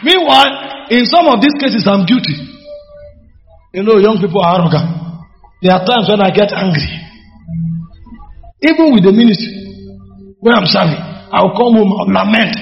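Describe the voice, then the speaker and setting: A man's voice: sits high, animated, normal speed, vocal fry, long pauses, soft background music. Male preacher, emphatic, repetitive rhetorical style; dull, roomy hall recording. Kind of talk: sermon. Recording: echoey hall, dull sound.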